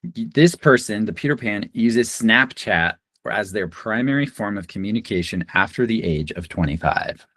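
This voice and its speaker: A man hosts a casual panel over a video call. His voice sits slightly low and sounds dry and close. He moves the group along briskly. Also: animated, a bit bright, dry recording. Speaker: podcast host.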